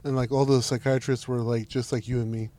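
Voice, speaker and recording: A man's voice: mid-range voice, little pitch movement, brisk, dark tone. A man co-hosting a podcast, joking profanely, laughing, and acting out imagined dialogue. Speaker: podcast co-host. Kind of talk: crude casual banter.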